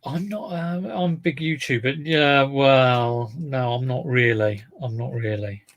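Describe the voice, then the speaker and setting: A man's voice: medium pitch, moderate pace. A man talking unhurriedly to his live-stream viewers in a rambling, chatty way.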